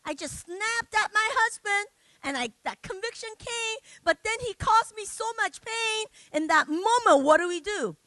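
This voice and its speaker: Female preacher, very high bright voice, slow conversational sermon delivery, dry close sound. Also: animated, dry recording. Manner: conversational preaching, tags "right?", acts out examples.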